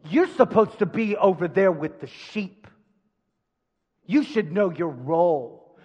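A man voicing a jealous older brother who scolds and belittles his younger sibling in a hushed, scornful tone. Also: high voice, husky, in a large hall, heavily acted.

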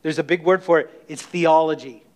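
High-voiced pastor preaching with fervor. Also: male voice, normal speed. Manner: energetic, emphatic preaching with call-and-response. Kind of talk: sermon. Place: church sanctuary.

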